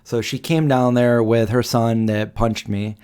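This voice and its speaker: A man's voice: medium pitch, steady tone, unhurried, darkish tone, clean tone. A man in his forties hosting a live Q&A stream, telling a story in a rambling way with many fillers and restarts. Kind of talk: casual storytelling.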